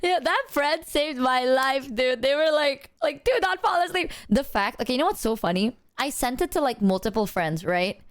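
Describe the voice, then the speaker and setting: Animated swearing streamer woman. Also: high voice, moderate pace, hardly any pauses, no echo, clean studio sound. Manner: animated, swearing, acts out quoted voices. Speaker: livestreamer. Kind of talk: casual storytelling to chat.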